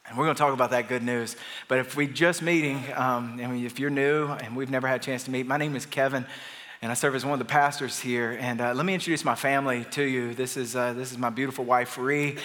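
A man's voice: mid-range voice, steady tone, quick pace, fairly bright tone. A middle-aged man, a pastor, preaching a sermon in a conversational storytelling way that builds to emphatic declarations. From Atlanta area, US. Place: large church auditorium. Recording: long reverb of a large church hall.

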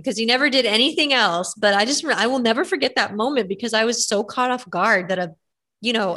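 A young woman chatting casually, telling animated stories with lots of fillers. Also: a little high. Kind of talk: casual chat.

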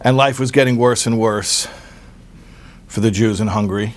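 A man giving an earnest storytelling talk, often repeating words and pausing with fillers. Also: lowish voice, steady tone. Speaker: speaker giving a religious talk.

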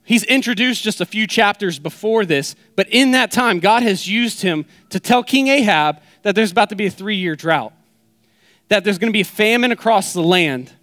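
High-voiced young pastor, dry close sound. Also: male voice, lively intonation, moderate pace, dry recording. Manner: conversational preaching with playful asides; softens into a hushed prayer. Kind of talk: sermon.

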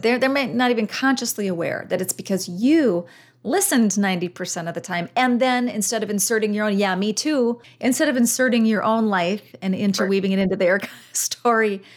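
A woman hosting a conversational interview, who thinks out loud and sums up her guest's ideas. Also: mid-range voice. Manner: reflective, affirming listener who sums up ideas. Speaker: podcast host.

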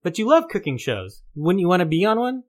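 A man's voice: high voice, big pitch swings, fairly quick. A man co-hosting a live-streamed podcast in casual chat, joking and trading wisecracks. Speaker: podcast co-host.

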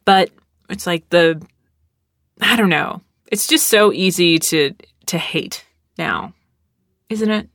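Young woman podcaster rambling on, kinda sarcastic, lowish voice, super dry close mic. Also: slow, pauses often, fairly bright tone, no echo. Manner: rambling, sarcastic, many fillers. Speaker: podcast host. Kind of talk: casual solo podcast talk.

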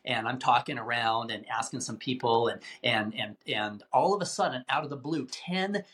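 A man telling a tense story as an interview guest, animated and given to repeating words as he talks. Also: mid-range voice, moderate pace. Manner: animated, acts out quoted voices, repeats words.

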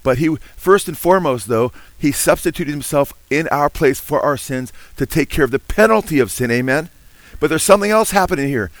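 A man's voice: medium pitch, dry recording. A middle-aged man preaching a sermon, earnest and building in intensity, punctuating his points with "amen". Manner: earnest preaching with frequent "amen" and rising emphasis. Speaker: pastor.

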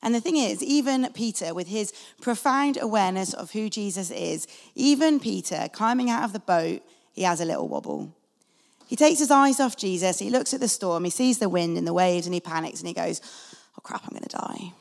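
A woman's voice: medium pitch, expressive, brisk, vocal fry. A woman preaching a sermon in an earnest, conversational way, acting out short quotes, recorded in a church hall. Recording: long reverb of a large hall.

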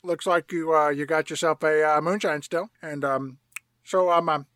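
A man doing a rambling, halting impression of a county boss, full of ums and uhs, for comedy. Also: a little high, fairly even intonation, fairly bright tone, no room sound, clean studio sound, lightly acted. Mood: bumbling. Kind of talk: comic impression on a podcast.

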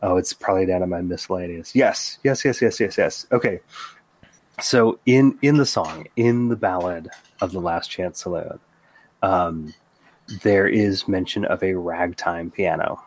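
A man's voice: deep voice, measured pace. A man co-hosting a casual podcast, chatty and wry, acting out his own reactions in quotes. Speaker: podcast co-host.

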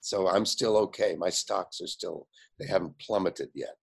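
Gravelly older man telling stories. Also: deep voice, normal speed. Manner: animated storyteller, quotes others in lively voices, frequent fillers and laughs. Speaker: guest. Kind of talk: anecdotal storytelling.

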